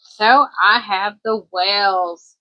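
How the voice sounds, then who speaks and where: A woman's voice: mid-range voice, steady tone, takes it slowly, lo-fi sound, noisy background. A woman from Kentucky with a country twang, chatting casually in a craft vlog as a small business owner, rambling a little with plenty of ums. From Kentucky, USA. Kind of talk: casual show-and-tell vlog.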